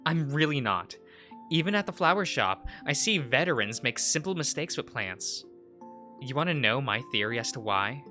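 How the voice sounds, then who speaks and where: A blunt, fiery young woman florist who scolds and pushes her friend, as a man reads her out in a visual novel. Her voice swings a lot in pitch and sounds bright and forceful, with soft music behind. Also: big pitch swings, normal speed. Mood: coaxing. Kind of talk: visual novel read-aloud.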